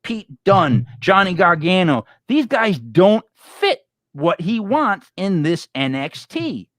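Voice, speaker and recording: A man's voice: high-pitched, big pitch swings, slow, a bit bright, dry recording, clean studio sound. A man co-hosting a casual live-streamed wrestling chat, ranting with strong opinions. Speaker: wrestling podcast co-host.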